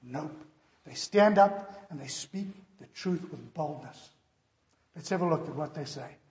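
A male preacher with a high voice delivers a sermon and acts out a lively story. The sound rings in a large hall with a long reverb. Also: a little slow. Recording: echoey hall.

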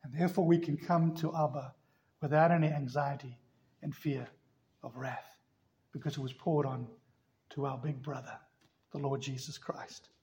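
A man's voice: mid-range voice, steady tone, moderate pace, long pauses, mellow, muffled recording. A man preaching a sermon as pastor, telling stories with emphatic, rising delivery. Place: church.

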